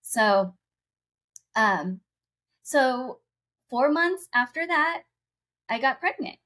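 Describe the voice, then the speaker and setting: A woman speaking as a podcast guest, recounting a deeply personal faith story. Her delivery is earnest and heartfelt. She is casual and full of everyday fillers, and she stops to correct herself mid-thought. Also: expressive, extremely slow, sharp tone.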